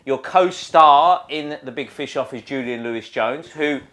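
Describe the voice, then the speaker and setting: A man's voice: mid-range voice, unhurried, bright, forceful tone. A man interviewing a guest in a casual, jokey, encouraging way with plenty of banter.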